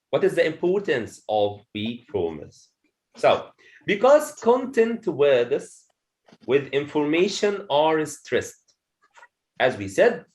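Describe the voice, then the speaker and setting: A man teaches pronunciation to a class, with a fairly high voice that swings widely in pitch. He speaks slowly and deliberately, repeats his points and keeps asking the room "okay?". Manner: slow, repeats each point, checks with "okay?". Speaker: English teacher. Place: classroom with students.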